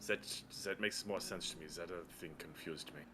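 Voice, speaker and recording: A man's voice: low voice, brisk, music in the background. A man bantering in a tabletop role-play, giggly and rambling, often trailing off mid-sentence.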